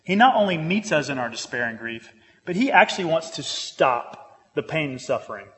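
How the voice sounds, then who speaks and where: A man preaching a sermon, earnest, repeating phrases for emphasis and turning lively when he jokes. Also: on the high side, moderate pace, in a large hall. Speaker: pastor.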